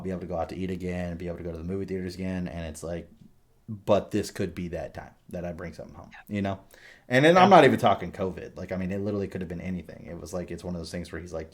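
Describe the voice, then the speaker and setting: A young adult man chatting casually on a podcast, telling animated stories and swearing freely. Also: sits low. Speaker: podcast co-host. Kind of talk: casual chat.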